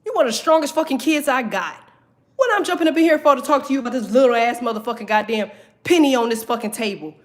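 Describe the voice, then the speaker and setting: A brash female spirit guide, put on by a woman who has no time for small troubles. She swears freely and talks dismissively, in a fairly high voice. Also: quick pace, close to an everyday voice. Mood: exasperated.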